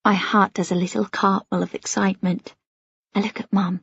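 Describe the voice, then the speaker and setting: A woman narrating an audiobook in the first person, in a light, youthful and expressive way. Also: mid-range voice, normal speed, vocal fry, slightly rough, dry recording. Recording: dull, lo-fi dry audiobook recording.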